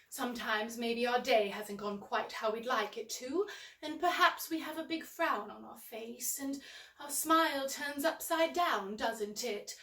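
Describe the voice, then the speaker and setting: A woman's voice: high-pitched, full character voice. A woman playing a cheerful, prim English nanny with an English accent, hosting a children's storytime in character, full of gasps and exclamations and coaxing young viewers at home. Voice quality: bright, gasping, exclamatory, full of "oh"s. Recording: roomy echo, voice from a distance.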